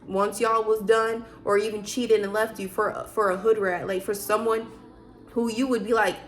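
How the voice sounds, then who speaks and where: A woman's voice: mid-range voice, flat delivery, moderate pace, faint music behind. A woman vlogger talking casually about faith, emphatic and preachy, with many rhetorical questions. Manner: loose, chatty, frequent fillers. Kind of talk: casual faith talk to camera.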